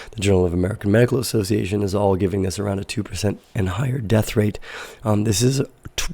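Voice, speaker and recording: A man hosting a casual crypto trading livestream, his voice raspy from being sick, talking in a relaxed, rambling way with fillers. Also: fairly low pitch, dry recording. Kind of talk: casual livestream market analysis.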